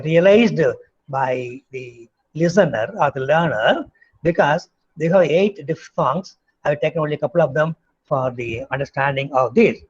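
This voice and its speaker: A man with an Indian English accent giving a conference lecture on phonetics, halting with many fillers and saying example words aloud. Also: fairly high pitch, muffled recording.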